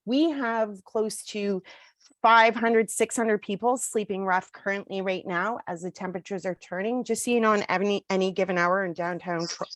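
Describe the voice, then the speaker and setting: A woman's voice: mid-range voice, dry recording. A Canadian woman who works on the front lines of social services, speaking bluntly and angrily at a townhall, with lots of "like" and "you know". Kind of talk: impassioned townhall speech.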